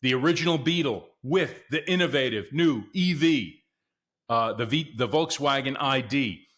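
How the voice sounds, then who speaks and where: Excitable man hosting a casual podcast. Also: mid-range voice, normal speed. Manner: excitable, chatty, often addresses listeners as guys. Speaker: podcast host. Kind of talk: casual solo commentary.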